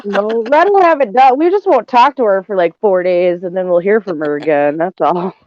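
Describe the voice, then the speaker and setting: A woman's voice: mid-range voice, lively intonation, normal speed, a little mellow, no room sound. Female friend, teasing and protective, dry dull phone sound. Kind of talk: casual chat.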